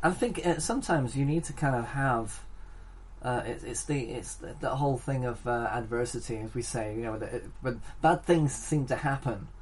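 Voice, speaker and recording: A man's voice: medium pitch, moderate pace, slight background noise. A man co-hosting a podcast, chatting casually about TV with a rambling, restarting way of talking. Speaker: podcast co-host.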